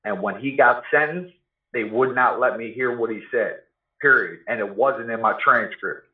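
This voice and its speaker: A man's voice: medium pitch, normal speed. A man telling a story in blunt, profane street talk, often asking "you know what I mean". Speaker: guest telling his life story. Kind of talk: casual storytelling. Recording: echoey room over a tinny phone-like line.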